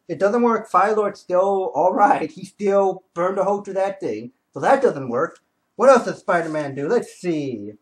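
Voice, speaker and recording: Excitable man with a high speaking voice, casual comic book reviewer. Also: poor audio. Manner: excitable, retells scenes with quick asides and restarts. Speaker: comic book video host.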